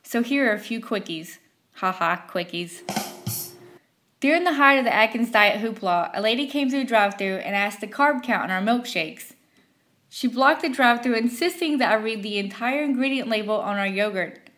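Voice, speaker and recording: A woman's voice: on the high side, animated, moderate pace, fairly bright tone. A young woman from Southwest Virginia with an Appalachian accent, narrating personal stories in a wry, self-deprecating way. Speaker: storyteller podcast host. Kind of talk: scripted story narration.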